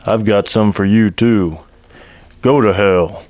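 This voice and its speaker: A man voicing a blunt, grinning cowboy with a gruff delivery. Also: lowish voice, slow, darkish tone, no room sound.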